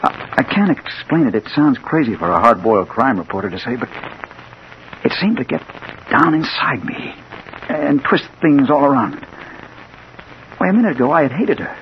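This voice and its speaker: An actor playing a hard-boiled crime reporter who narrates in a dramatic, emotional way, in a 1940s-style radio drama on an old hissy broadcast recording. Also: male voice, medium pitch, big pitch swings, moderate pace, long pauses, lo-fi sound. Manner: dramatic, emotional, swings from hushed to urgent. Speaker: narrator and lead.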